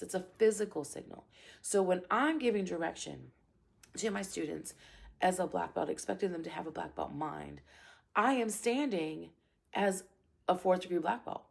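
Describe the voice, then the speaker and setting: Woman martial arts teacher, parenting advice; gravelly, husky delivery, calm but firm with repeated phrases. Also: on the low side. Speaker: karate instructor.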